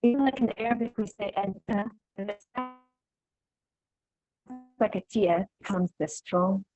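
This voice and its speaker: A woman's voice: mid-range voice, unhurried, warm tone, soft background music. Woman student asking questions on a muffled line. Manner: asks questions comparing sounds to another language.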